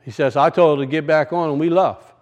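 A man preaching a sermon and telling a personal story, swinging from loud bursts to hushed, quiet lines. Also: fairly high pitch, steady tone, fairly quick, muffled recording. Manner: rises loud then drops to hushed, storytelling.

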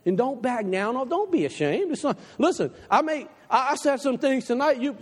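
A man preaching a passionate sermon to his church, dropping low and quiet for the advice he quotes, then climbing again. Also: very animated, normal speed, few pauses, big-room sound. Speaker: pastor. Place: church sanctuary.

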